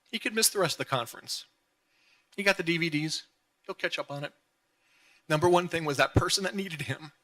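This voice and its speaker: A man's voice: on the high side, sharp tone. A man giving a heartfelt memorial tribute, speaking earnestly with emphatic repeated phrases and playful imitations of a friend.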